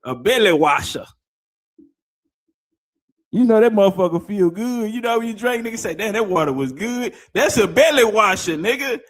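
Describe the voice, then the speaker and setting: A man reacting to a clip with loud, laughing, profane banter. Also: sits high, expressive, normal speed, pauses often. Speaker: reaction streamer. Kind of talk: casual reaction commentary.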